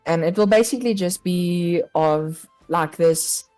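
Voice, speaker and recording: A woman player describing her character's actions in a tabletop game, hesitant and unhurried. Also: fairly low pitch, a little mellow, faint music behind.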